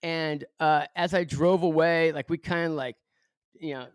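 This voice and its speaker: Man, Southern Californian accent, middle-aged, casual storytelling, smooth voice, dry close sound. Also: a little high, moderate pace, dry recording. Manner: animated, self-deprecating, lots of fillers like "you know" and "like". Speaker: podcast guest.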